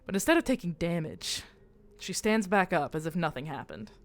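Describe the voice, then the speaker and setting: A woman's voice: lowish voice, lively intonation, moderate pace. A woman running a tabletop game, narrating at an easy pace and swearing casually out of character. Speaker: game master.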